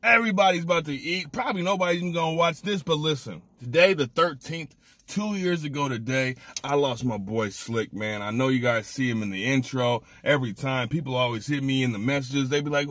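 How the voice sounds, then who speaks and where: A man's voice: medium pitch, moderate pace, fairly bright tone, dry recording. A man hosting a casual snack review vlog, talking with slang and open emotion. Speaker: food reviewer host.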